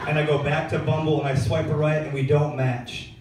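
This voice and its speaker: A man's voice: on the high side, flat delivery, fairly quick, noisy background. A young man performing a stand-up comedy set in a club, telling stories in a laid-back, slangy way full of fillers. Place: comedy club stage, live audience. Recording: echoey club room, heard from far off.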